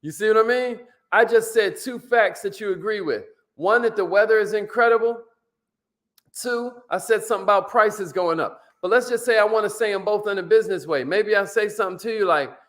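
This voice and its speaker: Emphatic high-voiced business coach. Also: male voice, fairly quick, a bit bright. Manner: preachy, emphatic, acts out dialogue with prospects. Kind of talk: motivational teaching talk.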